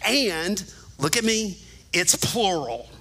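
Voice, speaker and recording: A man's voice: sits high, sing-song, takes it slowly, sharp tone, poor audio. A male pastor preaching a sermon, teaching animatedly and speaking directly to the congregation in a church sanctuary.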